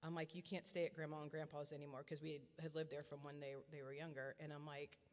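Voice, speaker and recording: A middle-aged woman giving a personal testimony as a parent, earnest and repetitive, often halting and restarting her sentences. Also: low-pitched, little pitch movement, a little mellow. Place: church hall. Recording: long church hall reverb.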